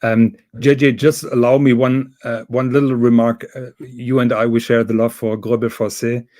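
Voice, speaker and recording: A man's voice: medium pitch, little pitch movement, normal speed, darkish tone, no room sound. A man explaining things carefully and patiently on a livestream, with some fillers. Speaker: guest on a watch livestream. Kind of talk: casual livestream chat.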